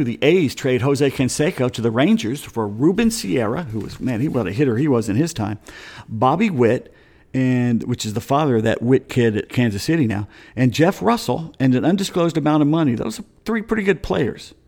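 A man's voice: medium pitch, expressive, a little fast, darkish tone. A middle-aged man hosting a casual sports talk show, reading baseball history and drifting into rambling stories with chuckles. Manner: rambling, anecdotal, chuckles often. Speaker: sports radio host.

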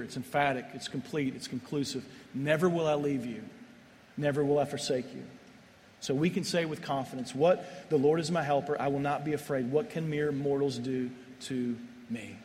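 A man's voice: fairly high pitch, slight background noise. A man preaching a sermon as pastor, earnest and repetitive, with frequent restarts. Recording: long reverb of a large hall, faint ambience.

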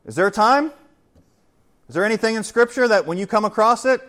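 A middle-aged man preaching a conversational verse-by-verse sermon, animated, with joking asides and acted-out quotes. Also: sits high, fairly quick. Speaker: pastor.

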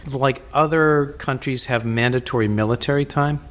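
A man's voice: medium pitch, moderate pace. A man hosting a podcast interview, telling stories animatedly with frequent swearing and stumbling repeats. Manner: animated storyteller, swears freely, repeats words. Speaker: podcast host. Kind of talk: casual interview chat.

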